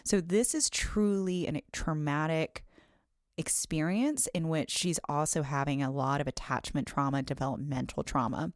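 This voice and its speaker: A woman with a low voice speaks as a psychologist guest on a podcast, laying out clinical terms in a measured, earnest way. The sound is close and dry. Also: no room sound. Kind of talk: explanatory podcast talk.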